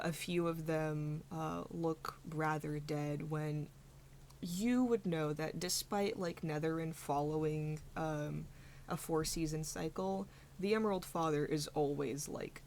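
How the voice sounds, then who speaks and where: A woman's voice: sits low, vocal fry, a little mellow, a little hiss or hum. A young woman narrating a tabletop game as game master, rambling with lots of fillers.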